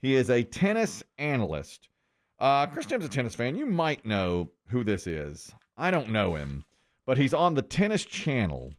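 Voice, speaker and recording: Middle-aged male morning host, lively storyteller, acts out the quotes. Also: normal speed. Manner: animated storyteller, acts out quotes with big pitch jumps. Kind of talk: casual radio banter.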